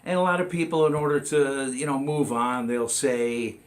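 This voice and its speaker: A man's voice: medium pitch, steady tone, normal speed. A man telling jokes in a rambling, folksy way as a comedy vlogger, full of "you know" asides.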